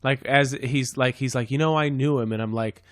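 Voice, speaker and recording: A man's voice: mid-range voice, fairly even intonation, no echo. A man from San Diego talks casually on a podcast in a middle register. He rambles, halts and restarts his thoughts as he goes. The sound is dry and close, with no room behind it. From San Diego, California. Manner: rambling, halting, with many restarts. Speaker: podcast host. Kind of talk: casual chat.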